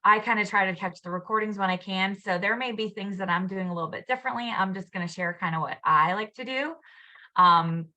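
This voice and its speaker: Woman, co-host; casual, chatty delivery, frequent fillers, bright and forceful tone; video-call audio. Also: mid-range voice, fairly quick, highs cut off. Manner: chatty, many ums and you-knows.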